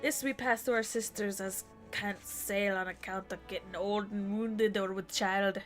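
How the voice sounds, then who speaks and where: A rough-talking female siren pirate, as a woman puts her on, drawling slowly in a folksy seafaring way. The voice sits at a middling pitch, with faint music underneath. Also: steady tone, close to an everyday voice.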